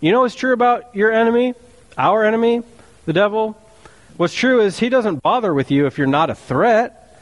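A man preaching a sermon as pastor, lively and playful, firing rhetorical questions at his congregation. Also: high voice, normal speed, in a large hall.

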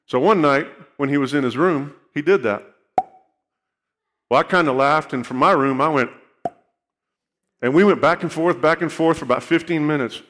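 A man's voice: a little high, moderate pace, pauses often, long reverb tail, noisy background. A man giving a personal testimony in an earnest storytelling way, often checking in with the listeners. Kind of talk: sermon testimony.

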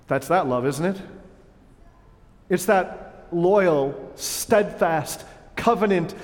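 A man's voice: sits high, animated, slow, long pauses. A man preaching a sermon as pastor, emphatic and stacking lists of repeated words. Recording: long reverb of a large hall.

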